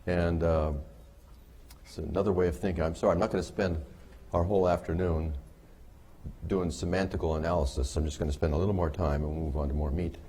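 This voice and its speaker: A man lectures at a conference with a wry, teasing humor, pausing for the audience's laughter. His voice sits a little low with a husky edge. He explains ideas plainly and pokes fun at his own field. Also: fairly even intonation, warm tone. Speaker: conference speaker on behavior analysis. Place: conference hall.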